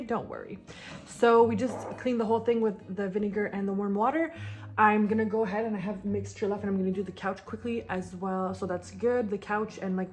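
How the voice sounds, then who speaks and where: Moving between rooms as she cleans her home, a young vlogger who is heavily pregnant chats in a scattered, casual way, using lots of fillers and laughing at herself. Her voice is mid-range and a little mellow, shaped by her mother tongue, and she sometimes runs short of breath.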